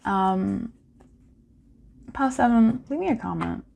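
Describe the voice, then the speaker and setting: A woman talks through a casual pick-a-card tarot reading. Her voice sits a little high and moves a lot in pitch. She is playful and slangy and breaks into laughter often. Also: lively intonation, takes it slowly, creaky, darkish tone, a little hiss or hum.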